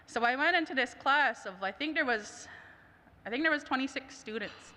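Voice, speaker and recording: A woman's voice: fairly high pitch, lively intonation, moderate pace, pushed and bright. Chatty woman telling a story in a hall. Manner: chatty, lots of "I was like" quotes. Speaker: summit speaker, language teacher. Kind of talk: storytelling talk at a summit. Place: conference hall. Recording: reverberant hall.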